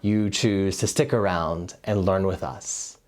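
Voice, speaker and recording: A man's voice: deep voice, fairly even intonation, slow, darkish tone. A man teaching a cello lesson, explaining rhythm steadily and counting beats aloud on a lapel mic. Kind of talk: music lesson. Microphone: lavalier.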